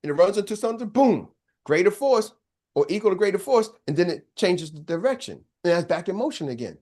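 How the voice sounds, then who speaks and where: A man's voice: high-pitched, very animated, a little fast, darkish tone. An older man giving a motivational business coaching talk, emphatic and preacher-like, often checking in with his listeners.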